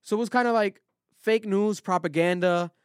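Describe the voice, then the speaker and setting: A man's voice: sits high, moderate pace, smooth, no echo, studio quality. A man hosting a podcast in casual chat, recapping things loosely and swearing freely. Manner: profane, loose retelling. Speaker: podcast host.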